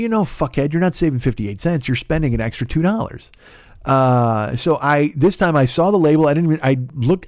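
A man's voice: medium pitch, darkish tone, no echo, clean studio sound. A man hosting a podcast, telling a long story in a casual, rambling, profane way and mocking himself as he goes. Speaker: podcast host.

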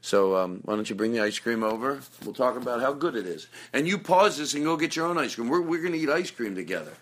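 A man's voice: mid-range voice, fast talker. A man hosting a podcast from a hotel room, chatting casually and joking around. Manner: rambling, joking, animated. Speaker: podcast host. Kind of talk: casual chat.

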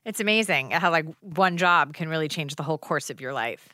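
A woman hosting a podcast interview, her voice pitched low yet bright and forceful. She sums up before asking each question. The sound is dry and close. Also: expressive, brisk, no room sound. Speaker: podcast co-host. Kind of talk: interviewing a guest.

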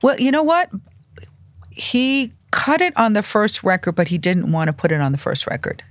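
An older woman in a podcast interview, telling industry stories in a lively way and acting out what others said. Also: mid-range voice, moderate pace, no room sound, clean studio sound. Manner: animated anecdotes, acts out quoted voices. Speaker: music industry publicist and manager, guest. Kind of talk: storytelling interview.

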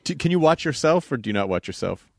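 Lively man asking casual questions. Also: medium pitch, quick pace, creaky, dry recording, clean studio sound. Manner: curious, prompting questions. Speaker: interviewer. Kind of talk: casual interview chat.

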